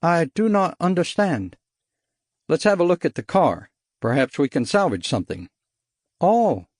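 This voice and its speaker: A man putting on an excitable jungle guide. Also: on the high side, dry recording, studio quality, voice pushed up. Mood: puzzled. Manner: exclaiming, halting formal speech. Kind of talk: audiobook character voice.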